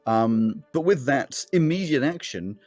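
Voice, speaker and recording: A man narrating as game master of a tabletop game, describing action in quick, laughing bursts. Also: medium pitch, expressive, a little mellow, no echo. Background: faint fight music.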